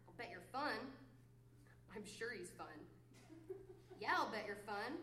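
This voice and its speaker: A woman's voice: mid-range voice, lively intonation, a little slow, pushed and bright, roomy sound, slight background noise. A woman performing a live poetry reading, mock-flirty and exasperated, swinging between cooing asides and mutters. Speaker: poet reading her work. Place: reading series venue with an audience.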